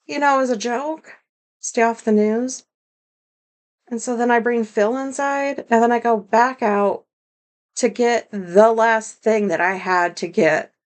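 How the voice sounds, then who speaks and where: A woman vlogger with a slightly high voice tells a rambling, candid story straight to camera. She fills her speech with "like," swears freely and pokes fun at herself. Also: steady tone, measured pace. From United States. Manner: rambling, heavy use of "like", candid, swears, self-deprecating. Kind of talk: casual storytelling monologue.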